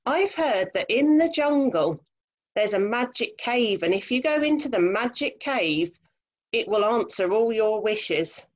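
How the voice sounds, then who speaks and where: A woman's voice: a little high, expressive, unhurried, muffled recording. A woman voicing a practical, fussy male monkey in a storybook reading, matter-of-fact in manner. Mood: eager.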